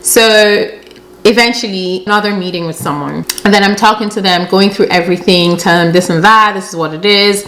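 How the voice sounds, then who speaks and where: A young woman in a casual storytime monologue, recounting events in an animated, exasperated way with plenty of slang. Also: medium pitch, a little fast, a little hiss or hum. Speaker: storytelling vlogger.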